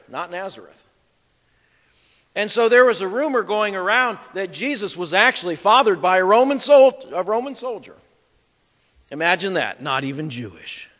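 A man's voice: sits high, a bit bright, in a large hall. A man preaching an expository sermon, emphatic as he reads scripture aloud and explains it.

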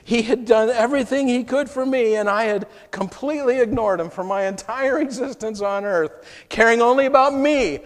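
A male pastor preaching an emotional first-person story, heartfelt, going from hushed to exclaiming, in a church sanctuary. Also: extremely high pitch, normal speed, few pauses. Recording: long hall reverb.

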